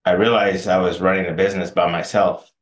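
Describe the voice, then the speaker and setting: Low-voiced middle-aged broker. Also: male voice, level tone, a little fast, rough recording. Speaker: real estate broker guest.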